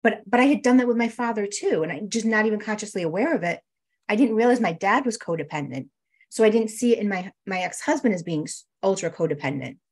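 A woman's voice: medium pitch, expressive, fast talker, husky. A woman being interviewed, candidly recounting a hard personal story with emotion and frequent restarts. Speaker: interview guest.

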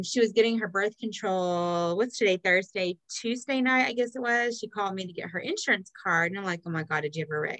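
A middle-aged woman from Texas talks as a podcast co-host over a video call. Her voice is bright and forward, recorded close and dry. She rambles through everyday stories with plenty of ums, laughs and swearing. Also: medium pitch, dry recording, rough recording. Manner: chatty, swears freely, frequent ums and laughs. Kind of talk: casual chat.

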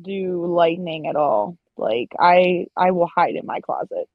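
A woman's voice: on the low side, measured pace, dry recording, highs cut off. Candid, swearing young woman on a podcast. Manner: candid, swears casually, says like a lot. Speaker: podcast guest. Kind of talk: casual podcast chat.

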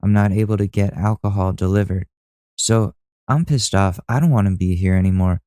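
A man's voice: lowish voice, moderate pace, mellow, smooth, no room sound, studio quality. A young man hosting a podcast, ranting casually and with exasperation, swearing freely. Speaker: podcast host. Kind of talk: casual rant to camera.

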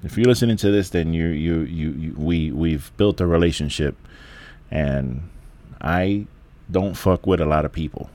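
Speaking from home, this forties podcaster from the Bronx rambles through a candid solo show in a relaxed, profane style, often restarting. His voice sits low with a darkish tone and a moderate pace.

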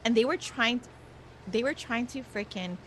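A middle-aged woman co-hosting a podcast, telling animated stories in casual chat, swearing freely and checking in with her listeners as she goes. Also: a little high, moderate pace, slight background noise. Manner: animated storyteller, swears freely, keeps checking in with "okay?" and "right?". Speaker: podcast co-host.

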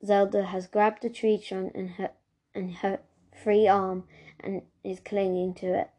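A woman reading a novel aloud in a steady, even storytelling manner. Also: medium pitch, a little slow. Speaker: reader.

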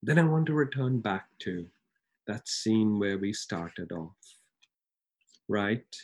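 A man preaching a sermon, retelling scripture with lively swings between loud emphasis and hushed lines. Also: fairly low pitch, slow pace.

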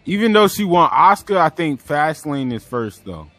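A man's voice: on the high side, big pitch swings, normal speed, sharp tone, no echo, faint music behind. A man co-hosting a casual wrestling chat, ranting with exasperated outbursts. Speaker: wrestling podcast co-host.

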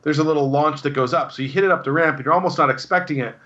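A man's voice: a little high, rapid-fire, fairly bright tone, dull audio. A man chatting casually as a podcast host, enthusiastic and rambling with lots of fillers. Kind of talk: casual chat.

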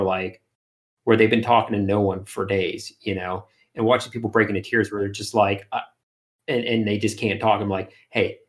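A man, an art streamer, chatting in an interview and telling animated stories full of fillers. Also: fairly low pitch. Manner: animated storyteller, many fillers. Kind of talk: casual interview chat.

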